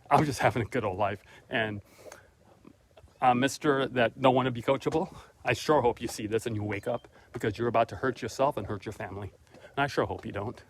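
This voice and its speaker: A middle-aged man, mid-pitched, talking straight into his phone as he walks outdoors. He is earnest and a little preachy, like a mentor giving a pep talk to his followers. There is faint outdoor noise behind him. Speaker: motivational vlog host. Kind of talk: casual motivational monologue on a walk. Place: outdoors on a walk, then at his front door. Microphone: phone camera held by the speaker.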